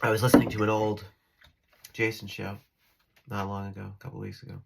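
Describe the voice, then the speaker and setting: A man's voice: on the low side, monotone, fairly quick, creaky, heavy background noise. A man talking to his phone camera in a rambling spiritual vlog, giggling and restarting his sentences as he drifts between topics. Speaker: spiritual vlogger.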